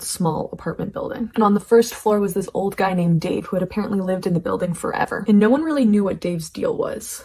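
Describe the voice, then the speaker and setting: A woman in her mid-twenties tells a personal story quickly and chattily. Her voice is mellow and dark, and she keeps up a brisk pace as she goes. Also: mid-range voice. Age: 20s. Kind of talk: casual storytelling.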